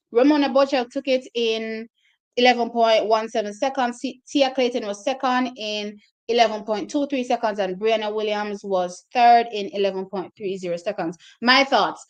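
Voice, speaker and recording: Speaking a little high, this track and field channel host talks casually and straight to her audience about race results, letting her feelings show as she goes.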